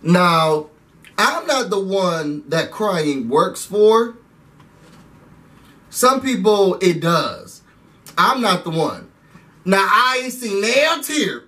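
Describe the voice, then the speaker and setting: A man giving a chatty, animated recap and rant to his viewers, calling them "y'all" as he talks. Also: sits high, drawn-out words, pauses often, recorded from a distance. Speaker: reality TV recap vlogger. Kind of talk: casual recap rant to camera.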